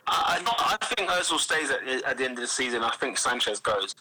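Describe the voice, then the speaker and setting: A man's voice: medium pitch, lively intonation, brisk, over a noisy crowd, poor audio. A man on a casual football podcast. He hesitates and repeats words, then runs on with his predictions. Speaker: podcast co-host.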